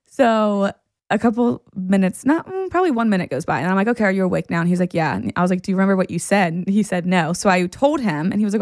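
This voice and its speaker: A woman podcast host chatting casually, her voice pitched in a middling range and recorded close and dry with no room sound. She tells stories with animation and breaks into laughter often. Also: lively intonation, fast talker, a little mellow, no echo. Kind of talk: casual storytelling chat.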